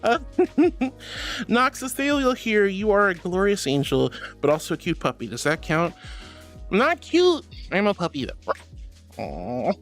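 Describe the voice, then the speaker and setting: On a casual livestream, an affectionate VTuber reads chat and gives a pep talk, calling viewers honey and sweetheart. Her mid-register, creaky voice moves at normal speed but jumps around, swinging from soft, reassuring advice to high, excited thanks. Faint music plays underneath.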